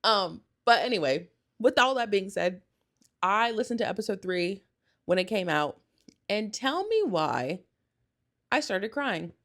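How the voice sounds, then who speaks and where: A young woman hosting a solo podcast, chatting casually and gushing, rambling with lots of "like" and quick self-corrections. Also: mid-range voice, sing-song, fairly bright tone. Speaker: podcast host.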